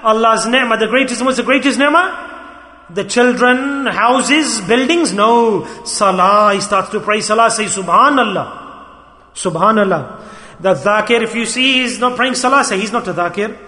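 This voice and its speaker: A man delivering an impassioned sermon in a high, bright voice. He swings from loud calls to the listeners down to hushed asides. The sound rings out with the long reverb of an echoey hall. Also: moderate pace. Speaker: preacher.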